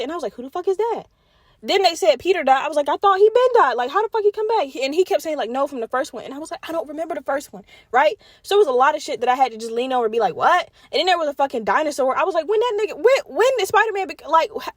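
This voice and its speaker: A young woman hosts her podcast in an animated, profane, casual way, talking straight to her listeners. Her voice sits a little high. The recording is dry and close, with no room sound. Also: dry recording. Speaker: podcast host. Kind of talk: casual solo chat.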